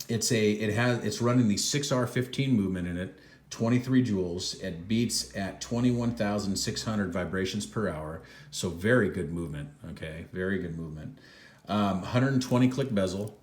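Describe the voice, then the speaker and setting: A man casually reviewing a product on camera, relaxed and rambling with many fillers. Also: low voice. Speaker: watch reviewer. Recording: echoey room.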